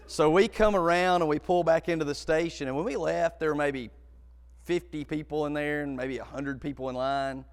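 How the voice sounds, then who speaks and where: Animated man with a gravelly voice. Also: fairly high pitch, moderate pace, big-room sound. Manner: animated, acts out voices and shouts. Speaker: storyteller. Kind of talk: comic storytelling.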